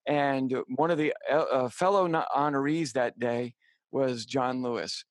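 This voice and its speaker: A middle-aged man co-hosting a podcast, telling a personal story in a halting, heartfelt way with many fillers and restarts. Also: mid-range voice, fairly even intonation, dry recording. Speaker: podcast co-host. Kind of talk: casual storytelling chat.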